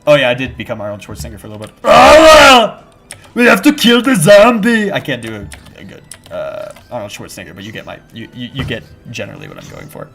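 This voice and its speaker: A young man chatting casually on a live gaming stream, rambling and restarting his sentences, with bursts of shouted panic. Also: fairly low pitch, very animated, racing, gravelly. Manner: rambling and self-interrupting, with sudden shouted panic at scares. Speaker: game streamer. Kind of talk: casual live-stream chat while playing. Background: background music.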